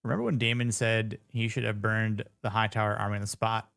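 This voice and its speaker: A man's voice: on the low side, little pitch movement, brisk, creaky, a bit bright, clear, resonant tone, dry recording, clean studio sound. A man giving casual reaction commentary on a TV episode, blunt, profane and joking. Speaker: show reviewer.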